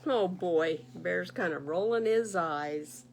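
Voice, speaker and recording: A woman librarian reading picture books aloud at a baby storytime, animated and sing-song, talking to little listeners. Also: lowish voice, takes it slowly, gravelly, slight background noise. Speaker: children's librarian.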